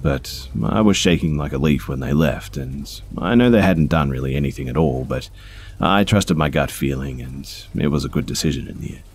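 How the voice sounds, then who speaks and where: A man's voice: rumbling low, moderate pace, darkish tone, slight background noise. A man reading first-person stories aloud in a conversational way, with small fillers along the way. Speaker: storyteller.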